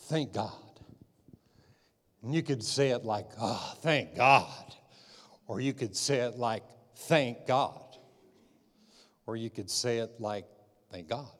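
Preaching man in a reverberant church. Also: mid-range voice. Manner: preachy, repeats phrases, calls for amens. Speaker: pastor. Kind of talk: sermon. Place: church sanctuary. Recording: long hall reverb.

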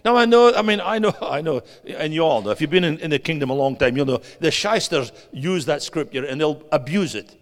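A man preaching a sermon as a guest preacher, animated, swinging between loud and hushed and putting questions to the audience. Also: a little high, a little fast, hardly any pauses. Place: church hall. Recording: long hall reverb.

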